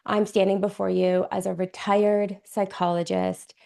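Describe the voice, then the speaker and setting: A middle-aged woman from Canada hosts an online panel with bubbly warmth aimed at her chat. Her voice is raspy and gravelly with fry, hoarse from a cold. She sits at a mid pitch and greets viewers eagerly. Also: flat delivery, a little slow. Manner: enthusiastic, effusive, talks to the chat audience. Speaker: business coach hosting a webinar panel. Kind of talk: lively webinar hosting.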